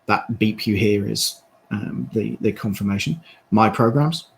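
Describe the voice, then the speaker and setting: A man with a British accent giving a halting live product demo, with many fillers and restarts. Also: fairly low pitch, level tone, gravelly, rough recording. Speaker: presenter demonstrating a headset.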